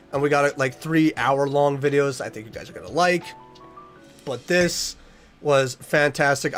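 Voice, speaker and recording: A man's voice: fairly high pitch, a bit bright. A young man streaming a casual chat with his viewers, earnest and rambling as he reads their messages aloud.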